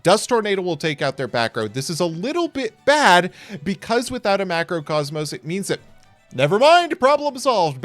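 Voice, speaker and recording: A young man giving playful, jokey play-by-play commentary on card game duels, with quick excited reactions. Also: high voice, no room sound.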